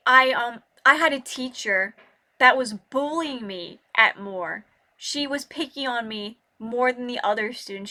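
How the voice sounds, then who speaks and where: A young woman vlogger telling a personal story in a rambling, halting way, full of restarts and filler words. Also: high-pitched, bright, forceful tone.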